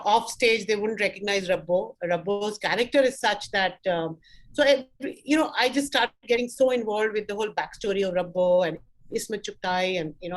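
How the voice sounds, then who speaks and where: A middle-aged woman with an Indian English accent, a guest telling animated stories in an interview and acting out quotes. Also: medium pitch, rough recording. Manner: animated, acts out quotes, laughs often. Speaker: guest, actor and former banker. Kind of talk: interview storytelling.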